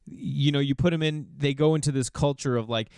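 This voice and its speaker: A man's voice: mid-range voice, steady tone, fairly quick, darkish tone, no room sound, clean studio sound. A middle-aged man hosting a podcast, telling loose, digressive comedic stories in a solo monologue. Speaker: podcast host.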